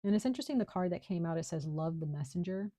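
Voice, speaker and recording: Woman, low voice, mellow tone, casual tarot reading, chatty and reassuring, dry close sound. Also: lively intonation, quick pace, no room sound. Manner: chatty, reassuring, many fillers. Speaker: tarot reader.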